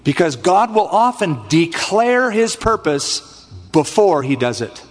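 A man preaching a sermon as pastor, expressive and acting out scripture voices. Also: high voice, a little slow. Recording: long hall reverb.

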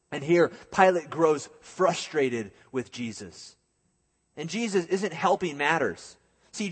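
Husky guy preaching a sermon, reads the verse then unpacks it, echo hangs in the hall. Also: fairly high pitch. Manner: reads scripture then explains it, acts out quoted voices.

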